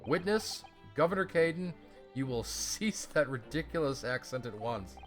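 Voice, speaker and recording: A man's voice: medium pitch, expressive, brisk, a bit bright, soft background music, lightly acted. A man voicing a stern older male judge who scolds and commands the court.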